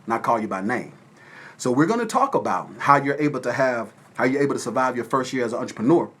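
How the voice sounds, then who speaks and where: A man from Atlanta, Georgia, hosting a casual livestream from his phone at home and shouting out viewers by name. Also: medium pitch, animated, fast. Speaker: livestream host. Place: at home with windows open.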